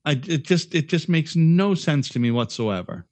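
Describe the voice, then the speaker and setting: A man's voice: fairly high pitch, big pitch swings, moderate pace, a little mellow, no echo. A man co-hosting a podcast in casual chat, ranting bluntly and swearing a lot. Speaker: podcast co-host.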